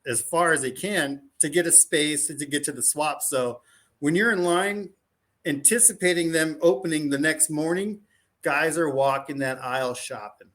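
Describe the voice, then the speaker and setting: A man's voice: fairly high pitch, normal speed. A man talking as a podcast guest, telling a casual story with lots of fillers and restarts. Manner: animated, rambling, full of "like" and restarts.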